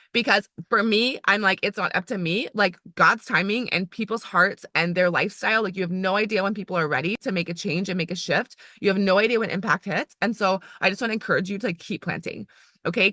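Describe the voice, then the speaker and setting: A woman who is an area manager, giving a chatty, emphatic motivational talk to her team, full of "like", and acting out inner voices in a higher pitch. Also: sharp tone, dry recording, studio quality.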